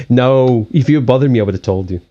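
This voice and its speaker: A man with a Southern African accent chatting on his livestream, his pitch swinging up and down as he gets animated. His voice is mellow and warm, he swears freely and laughs often. The mic sounds a bit dull and lo-fi. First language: Portuguese. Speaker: card reader and livestream host. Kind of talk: casual livestream chat. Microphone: USB headset mic.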